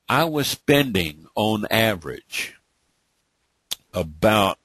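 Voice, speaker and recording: A deep, husky-voiced middle-aged man, running a live online training. He coaxes his listeners, calls out to them, and keeps checking in with "okay?" and "all right?". His voice is close and dry, with no room sound around it. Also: fairly bright tone, no echo. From Atlanta, Georgia, USA. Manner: coaxing, repeatedly calls on listeners, ends points with "okay?". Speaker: webinar trainer.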